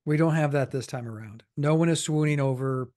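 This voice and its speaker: A middle-aged man co-hosting a political podcast, wry and quick to correct and tease. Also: fairly high pitch, darkish tone. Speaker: podcast co-host, political cartoonist. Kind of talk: casual political chat.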